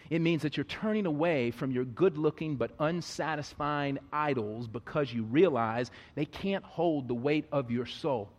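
Guy preaching a sermon, kinda high voice, gets loud then drops way down, big echoey church hall. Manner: animated preaching, swings between loud high bursts and low quiet asides. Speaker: pastor. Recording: long reverb of a large hall.

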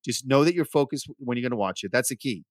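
A man's voice: mid-range voice, lively intonation, fast talker, dry recording, studio quality. A man hosting a podcast, talking in a laid-back, chatty and enthusiastic way. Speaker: podcast host. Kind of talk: casual podcast chat.

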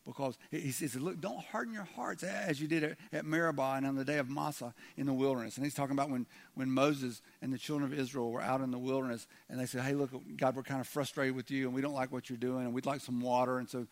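A man's voice: mid-range voice, flat delivery, quick pace, hardly any pauses. A man preaching a sermon as pastor, speaking conversationally and restarting words, sometimes acting out quoted voices. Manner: conversational, repeats words when starting, acts out quoted voices.

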